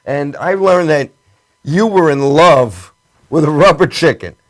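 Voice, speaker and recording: A man's voice: fairly high pitch, expressive, unhurried. A middle-aged man hosting a comedy talk show, joking and laughing often in casual chat.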